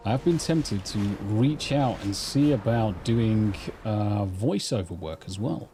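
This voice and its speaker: A man's voice: on the low side, animated, a little slow, over music. An English man streaming live gameplay, chatting casually in a rambling, sweary way into a desk mic through a mixer.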